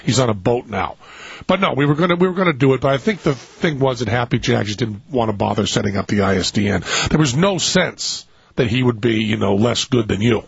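Gravelly radio talk show host. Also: male voice, medium pitch, expressive, dry recording. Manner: joking, quick, laughs often. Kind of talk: casual radio chat. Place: radio studio. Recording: dry, dull radio studio sound.

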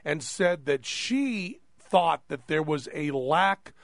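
Gravelly-voiced man hosting a radio chat. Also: a little high, takes it slowly, no room sound, clean studio sound. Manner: animated storyteller, laughs often. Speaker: radio host. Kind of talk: casual chat interview.

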